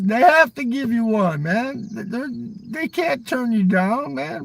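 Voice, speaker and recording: A man's voice: extremely high pitch, lively intonation, slow pace, vocal fry, a bit bright, no room sound. An older man rambling on a live stream, swearing constantly, ending his lines with "man" and talking back to chat viewers. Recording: voice a little far from the mic.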